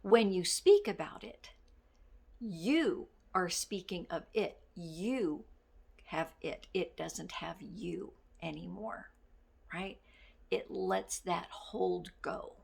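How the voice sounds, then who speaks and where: A middle-aged woman giving a casual motivational talk as a life coach, candid and self-deprecating, with quick laughs. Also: fairly low pitch, vocal fry, darkish tone, slightly rough.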